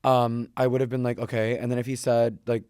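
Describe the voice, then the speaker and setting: A man's voice: medium pitch, flat delivery, fairly quick, a little mellow, smooth, no room sound, clean studio sound. A young man guesting on a podcast, laid-back and sassy, with lots of "like" and "um". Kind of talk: casual chat.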